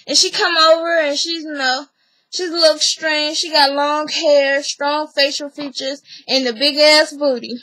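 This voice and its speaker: A woman chatting casually to camera as she recaps a TV episode. Her voice sits high and bright, and she acts out each person's lines with animated energy. She laughs often along the way. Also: moderate pace, dry recording, rough recording. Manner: animated storyteller who acts out other people's lines. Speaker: vlogger recapping a reality TV episode.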